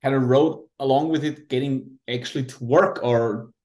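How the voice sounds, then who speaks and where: A man's voice: mid-range voice, steady tone, moderate pace, a little mellow. A man, a podcast guest talking in a hesitant, easygoing way. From Austria. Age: 30s. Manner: hesitant, many fillers and restarts, easygoing. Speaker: guest, moped club president. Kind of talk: casual podcast interview.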